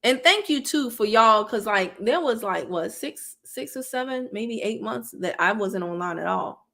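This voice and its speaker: This online business coach and livestream host is a woman in her thirties, talking frankly with her audience in a casual stream, reading comments aloud and laughing frequently. She has a higher, expressive voice with some vocal fry and a slightly bright quality, delivered at a moderate pace.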